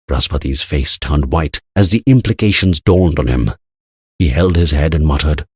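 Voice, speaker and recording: A man narrating an audiobook in a measured storytelling manner. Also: very deep voice, expressive, slightly rough, no echo. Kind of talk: scripted narration.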